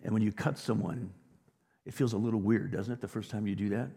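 A male pastor delivering a sermon, with dynamic delivery that swings from near whispers to loud, emphatic peaks. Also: fairly low pitch, fairly even intonation, fast talker, husky. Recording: long reverb of a large hall.

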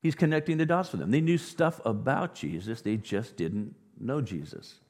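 A male pastor delivering a sermon, with dynamic delivery that swings from near whispers to loud, emphatic peaks. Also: mid-range voice, lively intonation, normal speed. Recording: long reverb of a large hall.

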